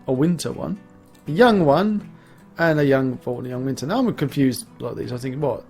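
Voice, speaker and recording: A man giving a chatty, playful software review while he clicks around, jokingly greeting the models as little fellas. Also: medium pitch, gravelly. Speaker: game developer and asset reviewer. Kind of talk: casual software review over screen capture.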